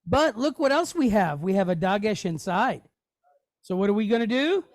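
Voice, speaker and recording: A man teaching a Hebrew lesson in a relaxed, conversational way, often checking in with his listeners. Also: sits high, moderate pace, dry recording, clean studio sound. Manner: conversational, checks in often with "okay?" and "you know". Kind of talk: casual teaching, explaining on screen.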